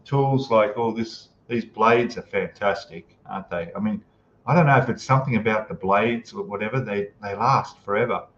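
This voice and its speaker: In a home room in Thailand, a male host runs a casual live stream, relaxed and chatty as he reads viewer comments aloud and greets people. His voice is lowish and reverberant, and the audio is dull and lo-fi with faint noise.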